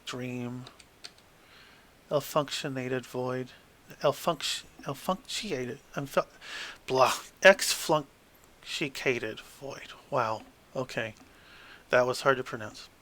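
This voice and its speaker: A man's voice: medium pitch, takes it slowly, pauses often, fairly bright tone. A man flipping through a tabletop game book, reading passages aloud with wry asides and stumbling over hard words.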